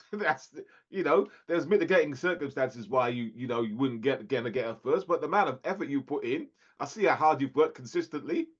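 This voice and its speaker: A man's voice: medium pitch, animated, fairly quick, highs cut off. A man co-hosting a podcast in casual chat, laughing often and restarting his sentences. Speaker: podcast co-host.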